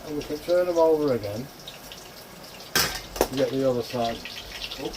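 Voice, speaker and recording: Calling his viewers folks, a cooking vlogger chats casually as he cooks at home. His medium-pitched voice keeps a moderate pace, and the clip picks up frying sounds and running tap water.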